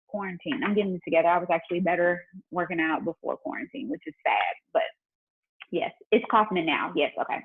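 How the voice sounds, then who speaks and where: Husky-voiced woman chatting on a livestream. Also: fairly low pitch, fast talker. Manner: chatty and faith-driven, talking straight to viewers. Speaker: entrepreneur and business mentor. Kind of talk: casual livestream Q&A chat. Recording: tinny phone-like livestream audio.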